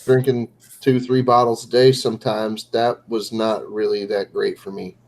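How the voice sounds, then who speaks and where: A man's voice: on the low side, little pitch movement, moderate pace, darkish tone, poor audio. A man chatting casually on a late-night livestream, rambling and poking fun at himself with lots of fillers. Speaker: co-host of a livestream.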